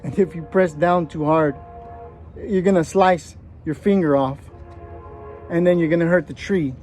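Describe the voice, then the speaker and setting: A man's voice: on the high side, a little slow, darkish tone, faint music behind. Chatty man with a put-on Australian accent. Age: 30s. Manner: chatty, joking, talks while working with his hands. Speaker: gardening vlogger. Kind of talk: casual how-to vlog. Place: outdoor garden.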